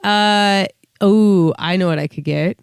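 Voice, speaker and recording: Gravelly bantering wife. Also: female voice, medium pitch, slow pace, dry recording, clean studio sound. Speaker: radio show cohost. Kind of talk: recorded couples game.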